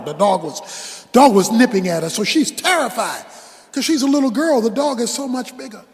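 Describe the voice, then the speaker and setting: Impassioned older male preacher, high voice. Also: lively intonation, moderate pace, long reverb tail. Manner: impassioned, shouting for emphasis. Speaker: pastor. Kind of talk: sermon.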